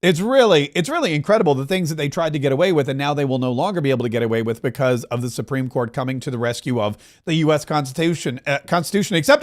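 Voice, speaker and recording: A male podcast host with a notably high voice riffs on politics with sarcasm and mocking asides. He talks loosely, often restarting his sentences. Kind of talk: opinionated political commentary.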